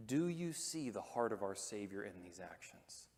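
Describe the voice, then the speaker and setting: A man preaching a sermon in a church auditorium, talking conversationally with joking asides and dropping to hushed, dramatic moments. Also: fairly low pitch, sing-song, normal speed, creaky. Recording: long reverb of a church hall.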